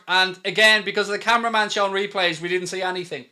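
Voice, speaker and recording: Man, football watchalong host, excitable play-by-play, high voice, bright tone. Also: fast talker, hardly any pauses. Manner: excitable, shouts at big moments, reads out super chats. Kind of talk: live match commentary and chat.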